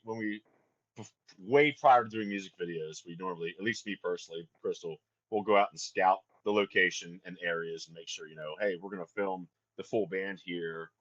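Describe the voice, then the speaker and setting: A man's voice: lowish voice, a bit bright, dull audio. A man, a band's singer, telling a story in a casual chat, profane and laughing as he goes. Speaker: band vocalist and guest.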